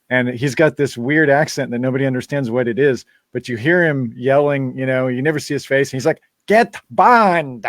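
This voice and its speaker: A man's voice: medium pitch, no echo. A man hosting a live-stream Q&A in casual chat, rambling through asides and laughing often. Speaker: band member hosting a live Q&A.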